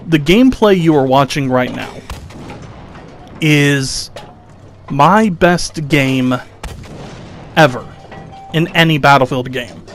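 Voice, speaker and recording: A man's voice: a little high, takes it slowly, pauses often, fairly bright tone, soft background music. A young man doing sarcastic, exasperated commentary over gameplay footage, mocking his critics. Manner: exasperated, sarcastic, mocks critics in whiny voices. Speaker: gaming commentator.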